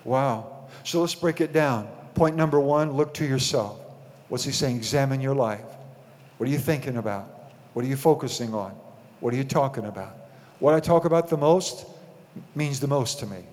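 A man's voice: medium pitch, normal speed, a little mellow. A man preaching a sermon as pastor of his church, building to emphatic peaks and tossing questions to the congregation. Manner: preaching with rising emphasis and call-and-response questions. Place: church sanctuary. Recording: long hall reverb.

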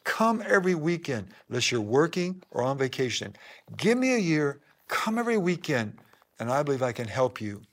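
A man's voice: fairly high pitch, sing-song, normal speed, fairly bright tone. A man preaching a sermon as a pastor to a live congregation, speaking with an emphatic cadence and repeated phrases.

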